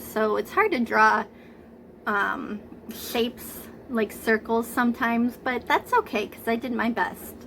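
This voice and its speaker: A woman teaching a remote preschool lesson, talking gently and coaxingly to young children through her camera at home. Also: on the high side, a little hiss or hum, poor audio. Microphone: computer camera mic.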